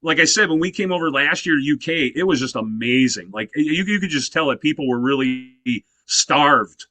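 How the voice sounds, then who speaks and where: A man in his fifties with a slightly higher, bright and forceful voice, talking as an interview guest. He tells stories with lively animation and fills gaps with "you know". The sound is dry and close. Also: normal speed, dry recording. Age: 50s. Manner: animated storyteller, heavy use of "you know" fillers. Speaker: guest musician. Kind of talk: casual interview chat.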